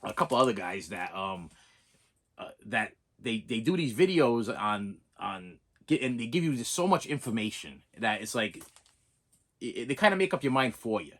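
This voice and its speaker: A man's voice: fairly low pitch, big pitch swings, moderate pace, a bit bright. A man casually reviewing horror movies on a vlog, rambling with many restarts and repeats, laughing often and checking in with "okay?".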